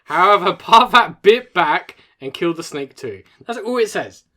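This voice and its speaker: A man's voice: sits high, expressive, normal speed, pushed and bright. A man co-hosting a podcast, telling news stories in casual chat, swearing often and laughing through them. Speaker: podcast co-host.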